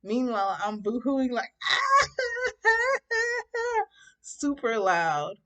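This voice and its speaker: A young woman with a dramatic, animated manner, telling a story casually for her vlog. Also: low-pitched, moderate pace.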